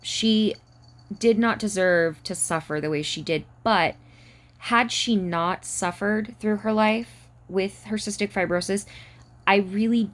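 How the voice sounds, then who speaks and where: A woman talking to camera in a personal vlog, halting and close to tears, with many fillers and restarts. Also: lowish voice. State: near tears. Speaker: vlogger.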